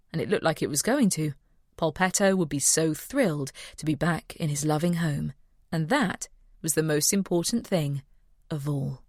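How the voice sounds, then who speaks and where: A woman's voice: deep voice, no room sound, clean studio sound. A woman narrating a mystery audiobook and voicing a cheerful young vet. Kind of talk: scripted narration.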